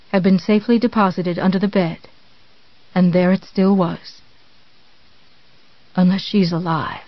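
A woman's voice: medium pitch, no echo. Woman reading a tense thriller, dull dry sound. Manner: measured, tense storytelling with dramatic pauses. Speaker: audiobook narrator. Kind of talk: scripted narration of a thriller novel. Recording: dull, dry studio read.

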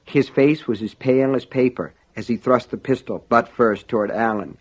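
A man narrating a novel in an even, measured reading. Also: medium pitch. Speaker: audiobook narrator. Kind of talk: scripted audiobook narration. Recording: dull lo-fi audio.

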